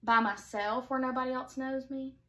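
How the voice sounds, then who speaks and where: A young woman with a bright, crisp tone, recorded from a little way off the mic. She chats freely, agrees eagerly, and fills her sentences with "like". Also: high voice, steady tone, normal speed, recorded from a distance. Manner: chatty, eager agreeing, lots of "like". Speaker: co-host. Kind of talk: casual chat.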